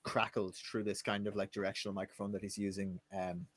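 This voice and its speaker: A man's voice: fairly low pitch, little pitch movement, a little fast, no room sound. A man running a tabletop game as game master, improvising the story, swearing casually and laughing often.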